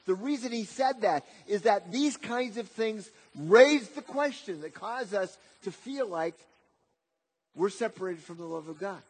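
A man preaching a sermon, often repeating words and swinging between loud emphatic lines and quiet, soft passages. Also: high-pitched, expressive, measured pace, breathy edge.

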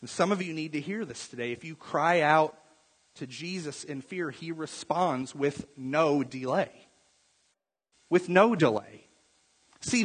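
A man preaching in a large church hall, his slightly raised voice carrying a husky edge. He is animated and conversational, putting questions to the congregation, and falls to quiet intensity on key points. The hall's long reverb trails every phrase. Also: fairly high pitch. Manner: asks the congregation direct questions. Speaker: pastor. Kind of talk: sermon.

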